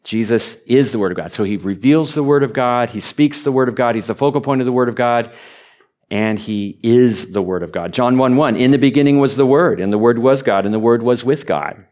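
A man preaching a sermon, animated, stumbling over repeated words and rising to emphatic peaks. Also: medium pitch, brisk. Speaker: pastor.

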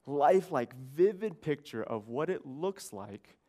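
A man's voice: fairly high pitch, lively intonation, a little slow, warm tone. A man in his thirties preaching a sermon as pastor, earnest and conversational, often checking in with "you know" and "right?".

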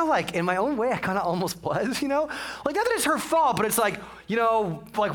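A male pastor telling a story from the pulpit with a high, bright voice. He talks in a chatty, self-mocking way and adds many small asides to the congregation. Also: sing-song, a little slow. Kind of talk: casual storytelling sermon.

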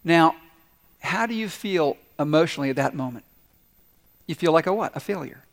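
A male pastor delivers a sermon in a reverberant hall, his voice sitting a little high for a man. He tells stories, acts out quotes and puts questions to his congregation. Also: expressive, normal speed, vocal fry. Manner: storytelling with acted-out quotes and audience questions.

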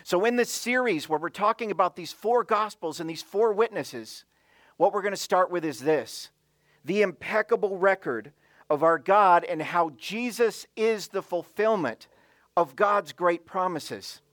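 A male pastor with a high voice delivers a sermon. He tells a story from home and keeps putting questions to his listeners. The sound is close and dry, with little room around it. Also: animated, unhurried, fairly bright tone, no echo. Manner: storytelling, asks the audience questions.

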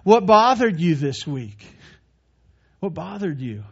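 A man's voice: high-pitched, sing-song, takes it slowly, slightly rough. Earnest preacher man, lo-fi sound. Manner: earnest, repeats words when stressing; swings from loud emphasis to quiet reflection. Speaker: pastor. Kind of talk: sermon. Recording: dull lo-fi sermon recording.

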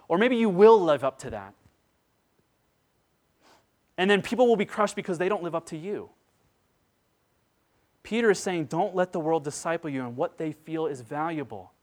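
A man in his thirties preaching a sermon, moving between hushed, intense passages and loud, emphatic ones. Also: a little high. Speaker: pastor.

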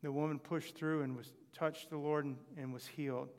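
A man preaching a sermon, retelling scripture stories with animated delivery and voicing the people he quotes. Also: on the high side, normal speed, in a large hall.

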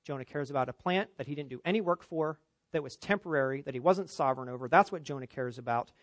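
A man preaching an expository sermon, emphatic, climbing for stress and dropping low for asides. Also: fast, dry recording. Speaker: pastor.

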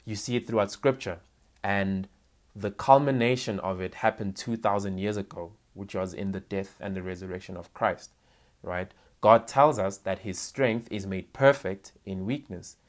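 A man's voice: deep voice, normal speed. A man preaching a sermon, explaining scripture conversationally, reading passages aloud and often checking in with "right?". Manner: reads scripture aloud with emphasis.

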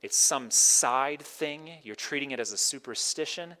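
A man's voice: medium pitch, unhurried, bright, forceful tone. A man preaching a sermon in a conversational way, often slipping into quoted voices to make his point. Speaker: pastor.

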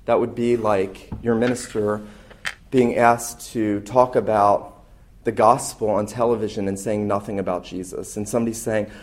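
A man's voice: fairly low pitch, fairly even intonation, moderate pace. A man preaching a sermon as a pastor, earnest and emphatic, leaning into key phrases.

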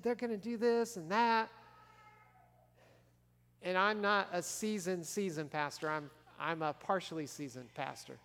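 A man preaching in a fairly high voice, his words ringing through a large church hall with a long tail of reverb. He keeps things conversational and throws questions to the congregation. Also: a little slow, fairly bright tone. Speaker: pastor. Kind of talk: sermon.

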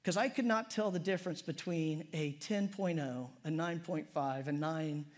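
A middle-aged man preaching a conversational, humorous sermon in a church. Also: normal speed. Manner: conversational and humorous, prayer drops soft and low. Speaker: pastor.

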